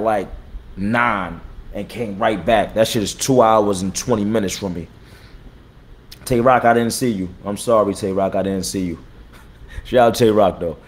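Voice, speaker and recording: A battle rapper in his thirties runs his own live stream, his voice sitting on the low side. He speaks bluntly and profanely in casual stream talk, repeating himself, shouting out viewers, and admitting he's tired.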